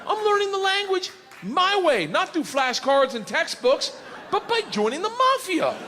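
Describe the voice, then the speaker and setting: A comedian tells a stand-up story on a roomy stage, loud and excitable, swearing and building up to shouts. His voice is very high and his pace moderate, with audience and crowd noise in the background.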